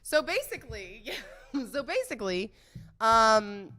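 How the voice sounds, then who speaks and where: A young woman hosting a podcast, telling a story in an animated, profane, joking way. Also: on the high side, a little slow. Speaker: podcast host.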